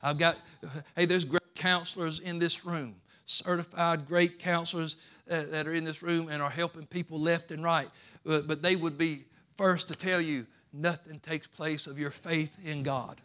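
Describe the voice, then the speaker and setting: A pastor preaching a sermon to his church in a folksy, plainspoken way, rising into loud pleading cries and shouts. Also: on the high side, steady tone, moderate pace. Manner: folksy Southern-style grammar like ain't and gonna. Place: church sanctuary.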